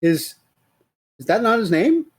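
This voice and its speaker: A man co-hosting a casual live-stream chat, jokey and quick to laugh. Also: high-pitched, sing-song, husky. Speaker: podcast co-host.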